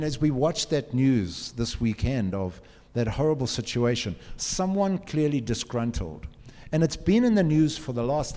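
The speaker addresses students in an earnest motivational talk, putting direct questions to them. He has a mid-range voice with a dark tone, and his words carry a long hall reverb.

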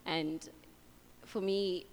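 Young woman from Africa, earnest testimony, lower voice, long reverb. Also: steady tone, drawn-out words, a little hiss or hum. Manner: earnest, heartfelt, many fillers like "like" and "so". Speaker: speaker sharing a testimony. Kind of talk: casual Bible reflection and personal testimony.

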